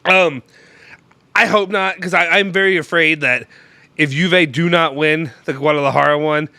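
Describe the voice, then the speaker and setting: A man's voice: on the high side, normal speed, bright, forceful tone, dry recording. A young man hosting a casual live-streamed chat, loose and joking, rambling with restarts into a close mic. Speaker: show host.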